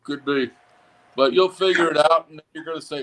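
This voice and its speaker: A man's voice: a little high, moderate pace, bright, forceful tone, a little hiss or hum. Easygoing man talking over his phone. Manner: easygoing, chuckling, encouraging. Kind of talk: casual chat.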